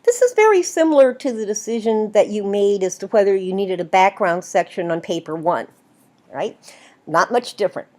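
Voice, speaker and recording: Woman giving a lively class lecture. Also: mid-range voice, normal speed. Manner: lively, explanatory, asks "right?" often. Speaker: writing instructor.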